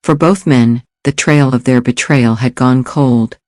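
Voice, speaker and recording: This audiobook narrator reads scripted thriller material with a steady, measured storytelling approach. The studio-quality recording of his mid-range male voice carries no room sound.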